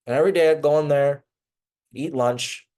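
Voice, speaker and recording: A man's voice: fairly high pitch, steady tone, normal speed, warm tone. A man, a podcast guest, telling a personal story in a loose, casual way, swearing freely and filling with "like" and "um". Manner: loose and profane, many fillers and restarts.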